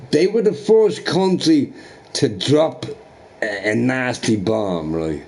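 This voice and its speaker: A man chatting casually while streaming a game, rambling and swearing through animated rants and asking "right?" often. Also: medium pitch, slow pace. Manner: profane, ranting, animated opinions with frequent "right?".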